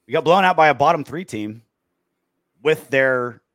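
A man's voice: a little high, expressive, moderate pace, a bit bright, no room sound, clean studio sound. A man co-hosting a casual post-game sports show, sarcastic and reading out listener comments. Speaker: podcast co-host.

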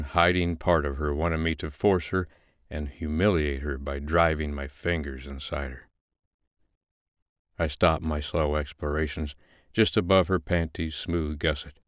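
A man hosting and narrating, reading a fiction excerpt aloud in a slow, measured first-person delivery. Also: a bass voice, dry recording, clean studio sound. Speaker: narrator and host.

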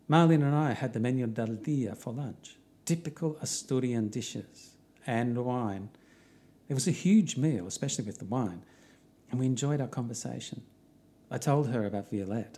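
A man's voice: mid-range voice, dark tone. Give me a middle-aged Australian man narrating a travel diary, easygoing and wry.

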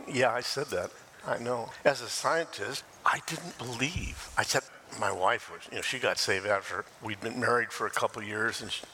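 An older man preaching a sermon as pastor, lively and animated, acting out quoted voices and laughing now and then. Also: mid-range voice, normal speed, husky, in a large hall.

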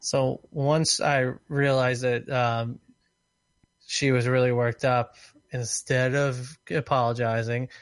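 A man chatting casually on a podcast, telling an animated, joking story. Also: medium pitch, takes it slowly, no room sound, clean studio sound.

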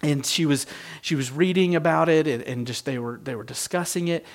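A man's voice: fairly high pitch, moderate pace. A middle-aged man, a pastor, giving a sermon in an earnest, reflective, conversational way.

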